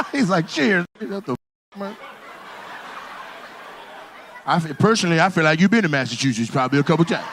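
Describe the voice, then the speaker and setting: Stand-up comic, male, crowd work, high lively voice, teasing and loud. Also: a little hiss or hum. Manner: loud, teasing, shouts punchlines. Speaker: stand-up comedian. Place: comedy club stage.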